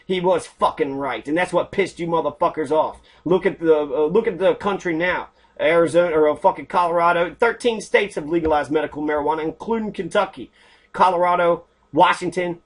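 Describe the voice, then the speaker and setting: A man's voice: high-pitched, fairly bright tone. A man hosting an online show, delivering an angry, profane political rant full of swearing. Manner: angry, heavy swearing, ranting. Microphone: computer mic while scrolling screen.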